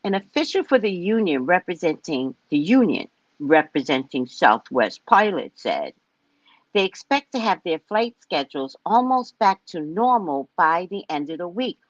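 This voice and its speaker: A woman's voice: fairly low pitch, big pitch swings, normal speed, dry recording, highs cut off. An older woman hosting a psychic show, reading the news aloud and bluntly mocking it with profanity in a casual rant. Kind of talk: casual live-stream rant.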